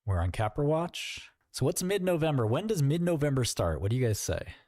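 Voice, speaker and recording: A man's voice: medium pitch, sing-song, brisk, darkish tone, dry recording, clean studio sound. A man hosting a casual trading livestream, rambling and joking as he thinks aloud and talks to his chat. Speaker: livestream host.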